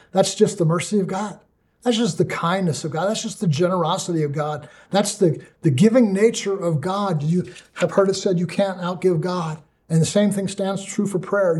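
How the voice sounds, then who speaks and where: A man's voice: on the high side, darkish tone. A middle-aged male pastor teaching on prayer and leading a fervent closing prayer in a repetitive cadence.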